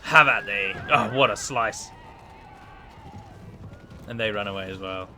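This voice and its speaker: A man's voice: on the low side, measured pace, bright, forceful tone. A man hosting a let's play, chatting through a strategy battle and breaking down unit stats in a casual, analytical way. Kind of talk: casual gameplay commentary.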